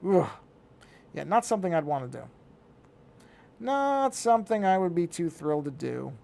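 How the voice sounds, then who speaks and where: Gravelly man muttering while drawing. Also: high voice, big pitch swings, moderate pace, mellow. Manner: talks to himself while working, muttering. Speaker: digital artist. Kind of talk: casual drawing commentary.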